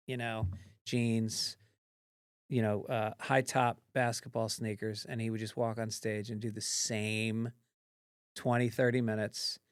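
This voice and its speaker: Comedian guy on a podcast, laid-back, salty old road stories, mid pitch, dry sound. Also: clear, resonant tone, dry recording. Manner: profane, reminiscing, low-key. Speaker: comedian guest. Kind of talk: casual storytelling chat.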